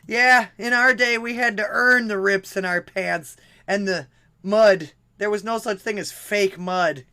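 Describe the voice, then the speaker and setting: A talk show host chatting casually and laughing between clips. The voice is bright and sharp. The talk stays loose and chatty. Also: mid-range voice, fairly even intonation, slow pace, clean tone. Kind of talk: casual chat playing clips.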